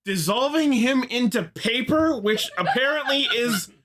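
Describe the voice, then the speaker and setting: A man's voice: very high-pitched, lively intonation, a little slow, pushed and bright. A man co-hosting a casual fan podcast, recapping episode plot in detail with enthusiasm and casual swearing. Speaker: podcast co-host.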